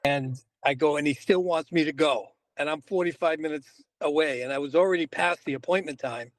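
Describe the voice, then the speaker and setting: A man's voice: on the high side, fairly quick, dry recording, clean studio sound. A man co-hosting a podcast, a realtor telling a story in casual chat and acting out both sides of the conversation.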